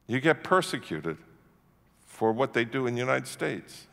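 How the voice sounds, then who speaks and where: A man from Canada preaching a sermon as pastor, emphatic and swinging from hushed tones to shouting. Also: mid-range voice, sing-song, normal speed, vocal fry. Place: church sanctuary. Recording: long church-hall reverb.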